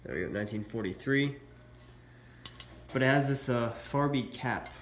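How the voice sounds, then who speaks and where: A man's voice: medium pitch, moderate pace, a bit bright. Stuffy-voiced man showing his collection. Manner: casual, hesitant, many uhs. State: stuffy from a cold. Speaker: militaria collector. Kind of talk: casual show-and-tell vlog. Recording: echoey room, faint background noise.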